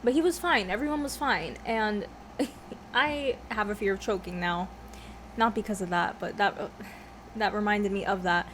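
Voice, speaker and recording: Young woman vlogging while she eats, scatterbrained and sweary, laughs a lot, mid-pitched voice, bit of background hiss. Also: moderate pace, fairly bright tone. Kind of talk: casual mukbang chat.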